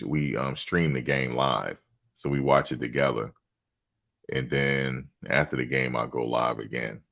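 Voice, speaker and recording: Middle-aged guy on a live stream, super deep gravelly voice, easygoing storyteller. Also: a bit bright. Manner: laid-back storytelling, laughs often. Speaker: fan channel host. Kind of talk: casual live-stream chat.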